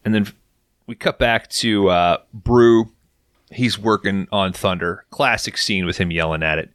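A man's voice: lowish voice, unhurried, fairly bright tone, dry recording, clean studio sound. A man hosting a podcast, casually recapping a TV episode and swearing freely while acting out lines. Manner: profane, joking, acts out quotes. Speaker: podcast host.

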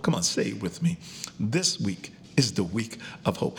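A man preaching a sermon as pastor. He calls out to the congregation, swings up to loud cries and drops down to near whispers. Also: medium pitch, lively intonation, moderate pace, gravelly, slight background noise. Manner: preaching with call and response, rising to shouts and dropping to whispers.

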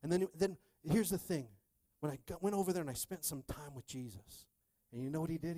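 Fairly high-voiced man preaching animatedly. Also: fast, few pauses, dry recording, clean studio sound. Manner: animated, swings from hushed to loud, keeps asking the crowd "are you with me". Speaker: pastor. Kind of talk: sermon with personal storytelling.

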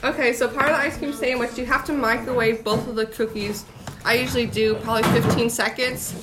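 A woman's voice: on the high side, fairly even intonation, fairly quick. Chatty young woman podcaster. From United States. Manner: chatty, explains things step by step. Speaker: podcast host. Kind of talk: casual podcast chat. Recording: noisy amateur recording.

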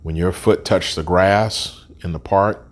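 A man's voice: low-pitched, fairly even intonation, measured pace. A man in his sixties telling his life story as an interview guest, candid and plain-spoken with frequent ums and restarts. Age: 60s.

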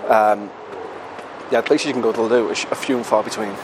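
With traffic-street noise in the background, a British male podcast host talks casually while walking through the city, mocking himself a little and cursing now and again. His lowish voice stays steady, a touch fast, and he's slightly out of breath.

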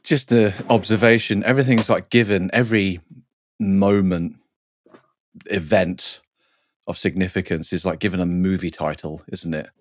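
A man joins a casual podcast chat with jokey, offhand remarks. His voice is very low, and the recording is dry and close. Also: fairly even intonation, normal speed, no room sound. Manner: jokey, chatty asides. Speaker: podcast co-host.

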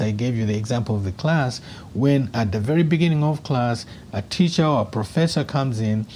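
A man's voice: mid-range voice, mellow, a little hiss or hum. A man preaching a teaching sermon on prayer, who builds to emphatic, repeated lines.

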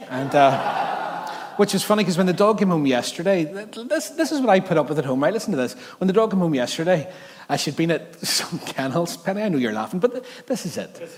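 A man's voice: on the high side, big pitch swings, brisk, in a large hall, slight background noise. A middle-aged man with a Northern Irish accent preaching a sermon in a chatty, joking way, laughing often. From Northern Ireland. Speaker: pastor. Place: large church hall.

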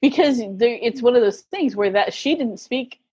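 A woman's voice: on the high side, animated, moderate pace, darkish tone, slightly rough, dull audio. A woman telling stories in a casual interview, laughing often as she talks. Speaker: guest.

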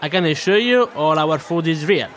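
A man's voice: a little high, lively intonation, normal speed, fairly bright tone, some chatter behind. A man playing a patient restaurant waiter who speaks slightly broken English. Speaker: waiter in a sketch.

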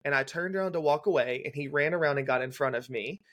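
A young adult man, a guest on a podcast, telling a detailed clinical story in a brisk, casual way and acting out the dialogue. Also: fairly high pitch, a bit bright. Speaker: guest, legal nurse consultant.

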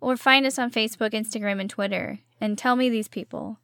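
A woman co-hosting a casual podcast chat, soft-spoken and self-deprecating. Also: a little high, steady tone, fairly quick, dry recording, clean studio sound. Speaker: podcast co-host.

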